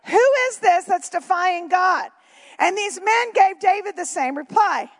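A woman's voice: very high voice, expressive, unhurried. A woman preaching a sermon, reading Bible verses and breaking off for chatty, joking asides to the congregation.

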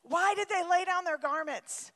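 A woman's voice: very high-pitched, moderate pace. Emphatic woman preaching in a big echoing hall. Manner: emphatic, repeats phrases for effect; shifts into lively acted-out quotes and asides. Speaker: pastor. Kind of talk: sermon.

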